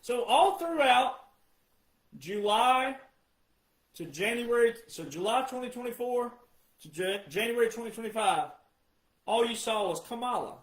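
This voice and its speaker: Emphatic high-voiced man in an echoey room. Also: animated, unhurried, long pauses. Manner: emphatic, repetitive, rising to shouts. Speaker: political commentator. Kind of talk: impassioned monologue.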